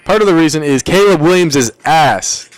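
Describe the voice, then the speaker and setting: A man's voice: on the high side, lively intonation, normal speed, dry recording. A young man hosting a livestream, ranking players in casual, slangy banter and talking back to his chat. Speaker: livestream host.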